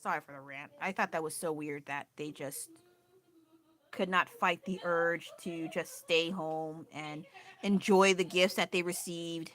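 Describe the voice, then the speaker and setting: A woman's voice: fairly low pitch, fairly even intonation, measured pace, fairly bright tone. A woman chatting casually on a livestream from home, ranting with frequent laughs and swearing. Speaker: livestreamer and painter. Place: at home with her child nearby.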